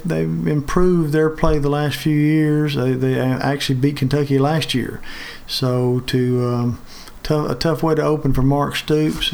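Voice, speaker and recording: Gravelly sports host. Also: male voice, on the high side, a little mellow. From Alabama. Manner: halting, many fillers and restarts. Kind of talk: casual sports talk.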